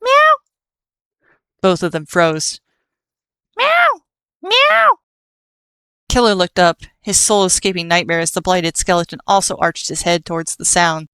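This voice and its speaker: A woman reading an audiobook in a steady storytelling manner. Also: fairly low pitch, fairly quick, hardly any pauses, clean tone, no room sound. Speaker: audiobook narrator. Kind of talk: scripted audiobook narration.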